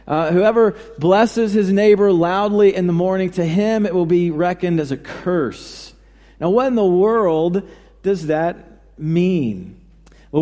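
Male preacher, mellow tone, informal sermon delivery with hesitations; recorded with long hall reverb. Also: high-pitched. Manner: conversational, halting with fillers and restarts. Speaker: pastor.

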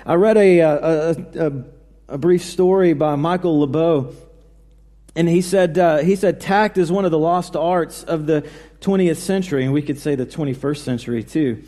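A male pastor preaching in a relaxed, conversational way, with frequent fillers and restarts. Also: fairly high pitch, moderate pace. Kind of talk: sermon. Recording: reverberant hall.

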